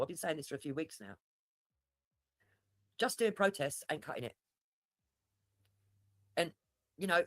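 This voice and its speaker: Fast-talking rambling man. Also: on the high side, fairly bright tone, dry recording. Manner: rambling, swears freely, laughs at himself. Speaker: livestream host. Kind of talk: casual livestream chat.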